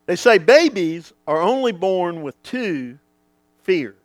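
A man preaching from the pulpit, his voice sitting high and leaping all over the place. He drops to a near hush and then climbs back to a booming call, and he plays out the people in his stories. The sound is close and dry, with no room around it. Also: big pitch swings, slow pace, dry recording. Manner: dramatic swings from booming to hushed, acts out quoted voices. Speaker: pastor. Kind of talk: sermon.

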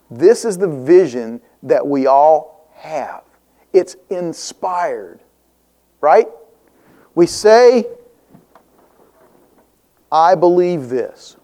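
Male pastor, high voice, sermon, emphatic scripture reading, rhetorical questions, soft reflective asides. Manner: drops to soft, slow reflection in personal parts.

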